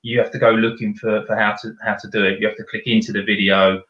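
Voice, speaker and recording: A man's voice: lowish voice, level tone, quick pace, echoey room, dull audio. A man with a South London accent, a podcast guest giving practical explanations in casual chat. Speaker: guest, video company director.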